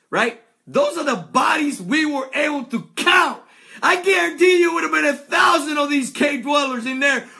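A man hosting a political video rant, loud and excitable, often shouting and laughing as he talks. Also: very high-pitched, vocal fry. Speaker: video host.

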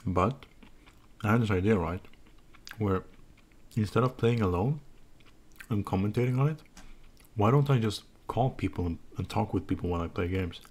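A young man rambles through a game stream in a lowish voice, cursing freely and chewing between sentences. He sits close to a desk microphone in a home room, with a faint hiss underneath. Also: normal speed, pauses often, darkish tone. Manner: loose, rambling and profane, eating while talking. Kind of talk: casual let's-play commentary.

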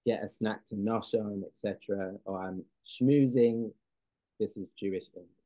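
Guy teaching a class, kinda low voice, lots of uh and um, asks the room if they get it, sounds dry and thin. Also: dry recording. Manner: explanatory, checks in with the audience, many fillers. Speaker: lecturer. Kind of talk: classroom lecture. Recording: dry, tinny phone-like sound.

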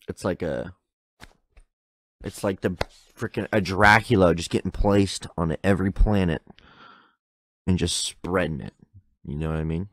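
A young man's low, gravelly voice fills a solo podcast recorded at home. He rambles from thought to thought, breaking off his own sentences and cursing without a second thought. His mouth is close to the mic, and the sound is dry. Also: darkish tone, no echo. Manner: rambling, self-interrupting, swears casually. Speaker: podcast host. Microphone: close microphone in front of face.

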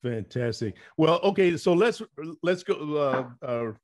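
A man hosting an interview, speaking in a halting way with stammers and repeats. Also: a little high, expressive, darkish tone. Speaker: interviewer host.

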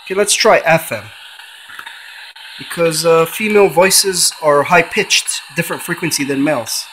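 A man hosting a ghost-hunting vlog, calling out repeatedly to spirits and then lecturing insistently in drawn-out, emphatic explanations. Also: on the high side, a bit bright, a little hiss or hum, rough recording. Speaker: paranormal channel host.

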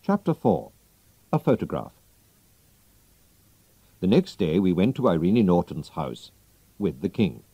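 Slow, mellow male storybook narrator. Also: low voice, no echo, rough recording. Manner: clear, slow, expressive reading. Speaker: audiobook narrator for English learners.

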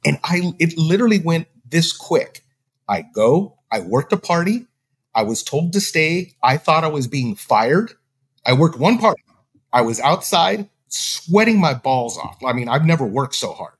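A man telling a story in a loose, chatty way. His pitch swings widely as he acts out what each person said, often jumping up high. It sounds like a relaxed podcast conversation. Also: unhurried, husky. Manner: animated, acts out quoted dialogue. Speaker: podcast guest. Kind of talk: casual storytelling.

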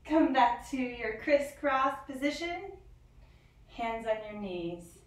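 A woman teaches yoga to small children in a slow, gentle voice, her pitch rising and falling in a sing-song way. She is recorded from a distance in a very echoey room. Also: animated. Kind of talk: guided yoga lesson for young children.

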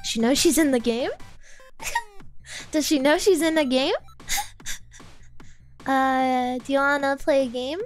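Woman streamer, very high voice, giggly and flustered, faint music behind. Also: slow, long pauses. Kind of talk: casual game-stream commentary.

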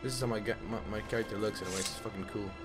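A young man giving live gameplay commentary, swearing constantly and jumping from low muttering to loud outbursts at enemies. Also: steady tone, very fast. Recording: loud game music behind the voice. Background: loud game music.

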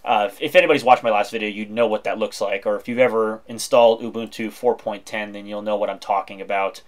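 A man narrating a screen-recorded software walkthrough in a chatty, informal way with wry asides. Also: lowish voice, steady tone, fast. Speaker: tech video host.

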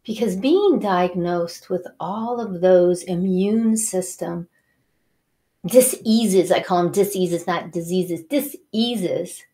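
A middle-aged woman hosting a wellness show, talking straight to viewers as an animated storyteller and Reiki teacher. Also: lowish voice, takes it slowly, few pauses. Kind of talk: motivational talk to viewers.

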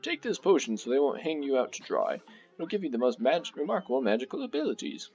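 A man's voice: on the high side, sing-song, quick pace, a little mellow, faint music behind, voice pushed up. A man voicing a wise, kindly old male kettle who gives earnest, grandfatherly advice, in a slightly muffled recording.

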